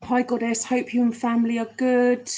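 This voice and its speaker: A woman hosting a live stream reads viewers' messages and chats with them casually and affectionately, rambling with fillers. Her voice is a little high and dark in tone, delivered completely flat at a moderate pace. The audio is poor.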